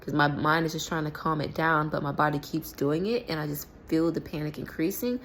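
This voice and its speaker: A young woman with a notably low voice talks through a personal story in a loose, rambling way, stopping and restarting often. A faint hiss sits under the recording. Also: fairly quick, fairly bright tone. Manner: rambling, filler-heavy, self-correcting. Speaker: spiritual vlogger. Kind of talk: casual storytelling monologue.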